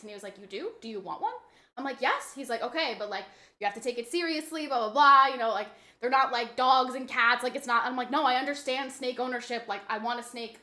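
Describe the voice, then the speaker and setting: A woman's voice: fairly high pitch, bright, forceful tone. A young woman streamer chatting casually, telling a story with lots of fillers while she cleans a snake enclosure. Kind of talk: casual chat. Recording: echoey room.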